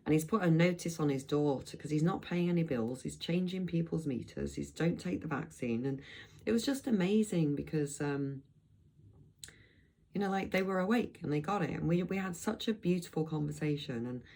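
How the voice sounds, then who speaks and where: A middle-aged woman from Blackpool rambles through a casual travel vlog. Her voice sits very low with a gravelly, fried texture. She talks loosely, drifting through asides and restarts. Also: darkish tone, poor audio. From England, Blackpool. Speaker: vlogger.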